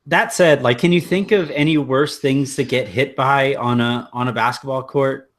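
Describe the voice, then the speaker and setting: A man's voice: mid-range voice, moderate pace. Easygoing male podcast host. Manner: easygoing, laughs often. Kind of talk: casual chat.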